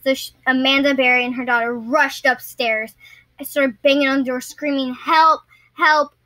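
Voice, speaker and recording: Young woman vlogging, bright kinda sharp voice, keeps stuttering and restarting. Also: high-pitched, level tone, moderate pace, dry recording, low-quality recording. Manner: rambling, stumbles and restarts often. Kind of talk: casual storytelling to camera.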